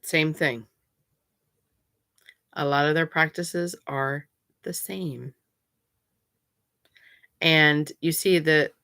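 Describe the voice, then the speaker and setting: A woman talks slowly and chattily in a low, bright-edged voice. She leans hard on her points, and her words sound dry and close with no room around them. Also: no echo. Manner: emphatic and insistent, chatty with many fillers. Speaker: pagan vlogger. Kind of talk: casual explanatory talk.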